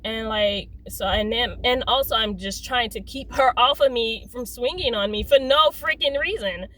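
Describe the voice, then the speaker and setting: A young adult woman telling a personal story in a casual, rambling way, full of "like" and "um", swapping curse words for softer ones. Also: on the high side, normal speed, a little hiss or hum, low-quality recording. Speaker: storyteller vlogger.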